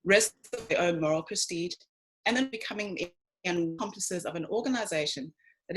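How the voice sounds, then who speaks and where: A woman's voice: fairly low pitch, moderate pace, a little hiss or hum, low-quality recording. Emphatic woman giving a talk. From South Africa. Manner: emphatic, lively, addresses listeners as ladies and gents. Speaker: speaker. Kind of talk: lecture to an online audience.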